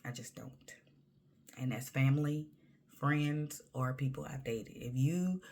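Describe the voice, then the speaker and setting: A woman's voice: very deep voice, takes it slowly, darkish tone. A woman talking candidly to camera in a personal monologue, emphatic and conversational, sometimes dropping to a near-whisper. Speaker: vlogger.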